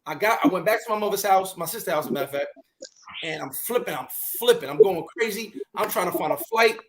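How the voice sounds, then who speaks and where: Male talk host, high voice, animated storyteller, light background hiss. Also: fast, rough recording. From New York. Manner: animated, acts out his own shouting and repeats words. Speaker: podcast host. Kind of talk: storytelling in casual chat.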